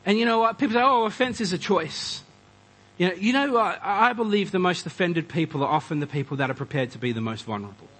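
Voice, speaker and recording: Man, pastor, conversational sermon, animated, husky, slightly high voice. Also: quick pace, low-quality recording.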